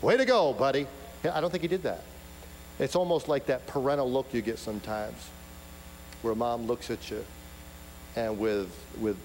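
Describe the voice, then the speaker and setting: A man preaching to a congregation in a large sanctuary, his voice ringing with long reverb. He punches lines hard and loud, then falls back to a hushed, close tone. A faint hum sits under the recording. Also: medium pitch. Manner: emphatic, builds to loud rising peaks, drops to soft intimate asides. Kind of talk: sermon.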